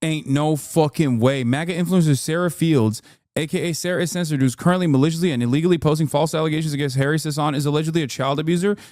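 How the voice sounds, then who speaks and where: A man in his thirties reacting on a live stream, ranting with exasperation and a lot of cursing. His voice sits a little high for a man and leaps higher still when he gets heated. The sound is dry and close, with no room around it. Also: fast, darkish tone, no room sound. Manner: exasperated, profane ranting with sudden pitch jumps. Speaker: political streamer.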